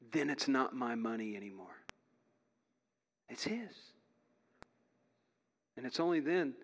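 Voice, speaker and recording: A man preaching as a pastor in a church, earnest and chatty, laughing now and then between points. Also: medium pitch. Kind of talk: sermon. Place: church sanctuary. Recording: long reverb of a large hall.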